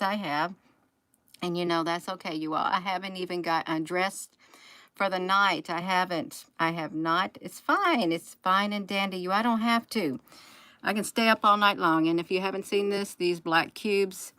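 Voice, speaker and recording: Woman, tired, folksy and repetitive, somewhat low voice, dry close recording. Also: sharp tone, no room sound, rough recording. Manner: folksy, repeats phrases, calls viewers "you all". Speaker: channel host. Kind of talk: late-night livestream monologue.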